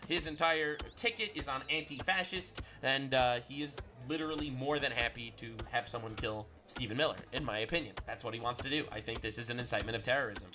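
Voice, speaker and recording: A man's voice: mid-range voice, fast talker, hardly any pauses, noisy background. A man hosting a livestream, giving brash, profane, sarcastic political commentary. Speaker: livestream host.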